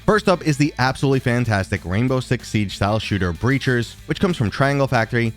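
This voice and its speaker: Upbeat man hosting a game roundup. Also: mid-range voice. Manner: upbeat, quick listing of games. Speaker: gaming channel host.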